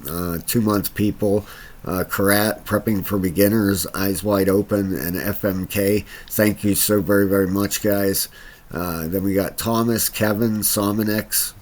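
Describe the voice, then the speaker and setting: A man hosting his own crypto channel, talking casually through market charts with lots of fillers and restarts. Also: low-pitched. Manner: rambling, many fillers and restarts. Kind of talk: casual screen-share market commentary.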